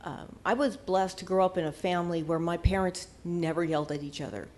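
With a fairly low, slightly mellow voice and a brisk pace, an older woman who teaches about marriage shares relaxed advice. Her manner is sincere and chatty, and now and then she searches for words.

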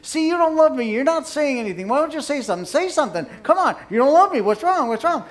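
Man doing a nagging wife, shrill and loud, rapid insistent questions. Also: animated. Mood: badgering. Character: demanding nagging wife, badgering her husband.

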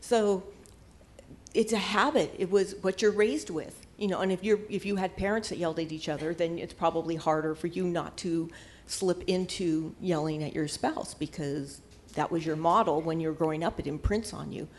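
A woman's voice: on the low side, steady tone, moderate pace, darkish tone, a little hiss or hum. An older woman giving casual marriage advice in an earnest, conversational way, at times searching for words. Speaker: marriage teacher.

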